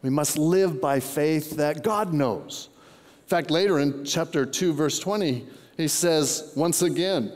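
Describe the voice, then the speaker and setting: Older pastor, fairly high voice, chatty storytelling sermon, long hall reverb. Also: male voice, expressive, a little slow. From Southern California. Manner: storytelling, conversational with restarts. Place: large church auditorium.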